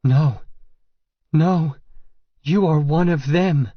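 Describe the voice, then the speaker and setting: A man's voice: very slow, no echo. A man voicing a frantic, terrified young woman. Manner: shrill, pleading outbursts. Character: frightened young woman, distrustful and desperate. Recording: dull, lo-fi sound.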